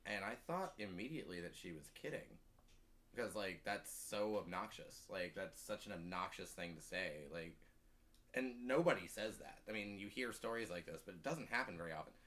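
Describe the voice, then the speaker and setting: A man's voice: low-pitched, expressive, normal speed, a bit bright. A man who is a guest on a podcast, chatting casually in a rambling way full of "like" and restarts. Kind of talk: casual chat.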